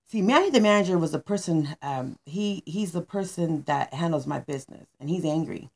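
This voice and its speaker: A woman recounts a personal story in a loose, rambling monologue. Her voice sits low with a gravelly, creaky texture. She restarts often and leans on fillers. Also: animated, brisk, hardly any pauses, a little mellow.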